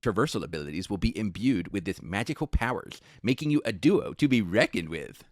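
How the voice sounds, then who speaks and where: A man's voice: on the low side, expressive, fairly quick, no echo, studio quality. A man ranting in a video commentary clip, indignant and sneering.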